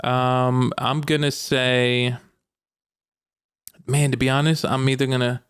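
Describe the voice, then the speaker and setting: A young man from Arkansas, co-hosting a podcast in a relaxed, slangy chat, laughing often. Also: mid-range voice, slow, smooth. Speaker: podcast co-host. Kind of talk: casual chat.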